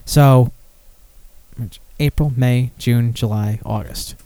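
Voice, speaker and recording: A man's voice: medium pitch, takes it slowly, dark tone, clear, resonant tone, no echo. Profane, rambling male podcast host. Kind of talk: casual chat.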